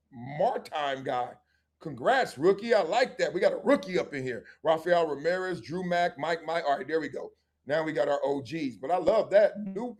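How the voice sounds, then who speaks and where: A man, hosting a livestream and telling lively stories, acting out voices and laughing often. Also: fairly high pitch. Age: 50s. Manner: animated storyteller, acts out voices, laughs often. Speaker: show host. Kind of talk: livestream storytelling and chat.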